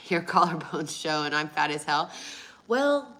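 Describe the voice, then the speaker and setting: A woman vlogger talking in a rambling, profane way, swinging from murmurs to loud bursts. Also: deep voice, big pitch swings, unhurried. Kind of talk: rambling casual vlog talk.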